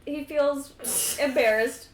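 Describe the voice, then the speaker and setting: A woman playing a tabletop game, answering slowly and earnestly. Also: sits high, steady tone. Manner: slow, earnest answers in character. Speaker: player. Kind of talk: casual tabletop play. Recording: roomy echo with faint noise.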